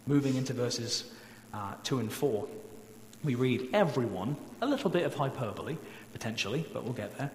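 Earnest pastor preaching in an echoey hall. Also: male voice, mid-range voice, lively intonation. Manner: earnest, pleading, slows down to stress key points. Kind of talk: sermon. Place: church sanctuary. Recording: echoey church hall, faint hum.

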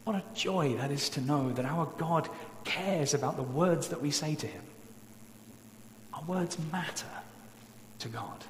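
A man preaching a sermon as pastor, earnest and pleading, slowing down to stress key points. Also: a little high. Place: church sanctuary. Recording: echoey church hall, faint hum.

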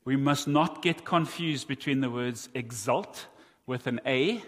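A man with a South African accent preaching a sermon, earnest and deliberate, with wry asides to his congregation. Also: mid-range voice, fairly bright tone, big-room sound. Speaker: pastor.

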